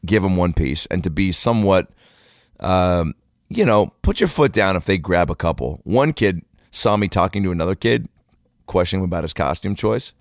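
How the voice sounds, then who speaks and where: Man, very low pitch, casual profane comedic storytelling, dry recording. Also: no echo. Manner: loose, profane, rambling with fillers.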